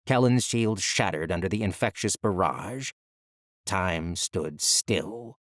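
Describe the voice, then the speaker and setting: Male audiobook narrator, low-pitched, dramatic and measured, dry studio read. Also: dry recording. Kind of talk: scripted fantasy narration. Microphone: close studio mic.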